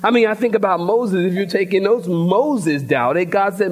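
Lively high-voiced pastor preaching. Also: male voice, moderate pace, faint music behind. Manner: animated storytelling, sometimes shouting. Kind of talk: sermon. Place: church.

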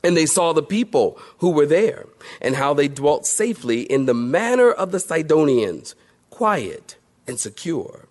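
A man's voice: on the high side, very animated, a little slow. A man preaching through a Bible passage in a conversational way, with playful asides. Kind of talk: expository Bible teaching.

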